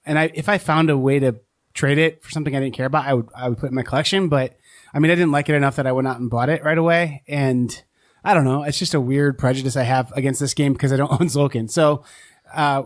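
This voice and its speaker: A man co-hosting a board game podcast in casual chat, rambling and hedging with a self-deprecating tone. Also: fairly high pitch. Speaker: podcast co-host.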